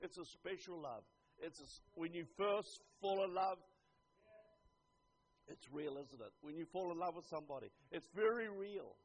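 An older man preaching a sermon, earnest, dropping to a hush and then rising to emphatic lines. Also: fairly high pitch, lively intonation, moderate pace, breathy edge. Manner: earnest, swings from hushed to emphatic. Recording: dull lo-fi recording.

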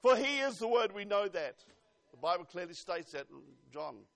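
A male preacher with a notably high voice delivers a fervent sermon. He presses his points with loud, urgent appeals and then drops into quiet, confiding asides. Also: very animated, normal speed, vocal fry. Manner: fervent, swings between loud exhortation and hushed asides.

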